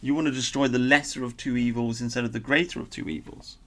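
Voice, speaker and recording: Gravelly blunt man. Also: mid-range voice, steady tone, fast talker, bright, forceful tone. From England. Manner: blunt, opinionated, sarcastic asides. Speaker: political commentator. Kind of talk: political commentary monologue.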